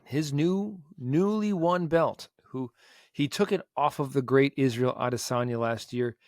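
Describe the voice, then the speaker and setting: A man's voice: mid-range voice, dry recording, studio quality. A man hosting a casual sports podcast, upbeat and playful as he leads the talk. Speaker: podcast host.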